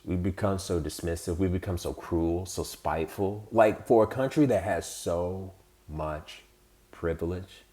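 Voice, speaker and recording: Low-voiced male podcast host, heated, profane, rambling commentary. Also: mellow. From United States. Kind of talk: casual political commentary.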